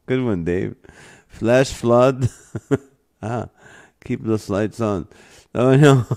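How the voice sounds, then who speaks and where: A man's voice: mid-range voice, vocal fry, a little mellow. A man hosting a live stream, reading viewer comments aloud and laughing often, at times to tears. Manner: slow, drawn-out delivery.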